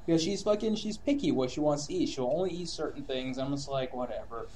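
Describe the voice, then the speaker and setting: A man with a fairly high voice rants through a casual chat, swearing freely. He tells his stories with plenty of laughter. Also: lively intonation, fast talker, darkish tone, a little hiss or hum. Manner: profane, ranting storyteller, laughs often.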